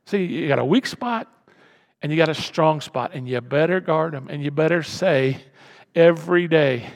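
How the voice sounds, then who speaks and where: Casting: high-voiced male pastor, gravelly edge, sermon moving from hushed to loud, long church reverb. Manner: swings from low murmurs to loud exhortation.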